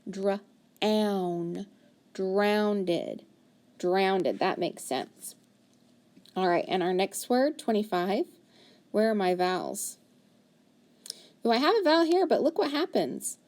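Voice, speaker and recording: A woman teacher leading a phonics lesson, sounding out words slowly and carefully. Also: medium pitch, lively intonation, a little mellow.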